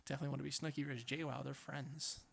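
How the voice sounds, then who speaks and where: Young male co-host, quick and gravelly, rambling casual delivery. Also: mid-range voice, flat delivery. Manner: rambling, lots of fillers, swears. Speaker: podcast co-host. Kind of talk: casual chat.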